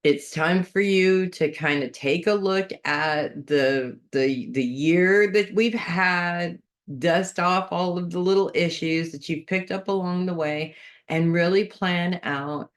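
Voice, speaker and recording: A chatty astrologer talks through a weekly horoscope in a loose, unscripted way. The speaker restarts phrases while thinking aloud and gives earnest advice in an everyday mid-range voice. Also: mid-range voice. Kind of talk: casual unscripted horoscope monologue.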